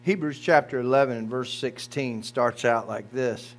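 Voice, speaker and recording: A man's voice: mid-range voice, moderate pace, few pauses. A man preaching a sermon as pastor, talking directly and folksily to his congregation.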